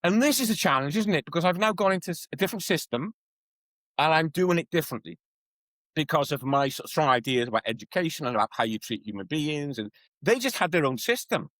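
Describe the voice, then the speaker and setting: Talking fast in a high-leaning voice, a man from Wales tells stories as a podcast guest, animatedly performing the voices of those he quotes. He is an educator speaking in a conversational interview style, and the audio is poor with no echo.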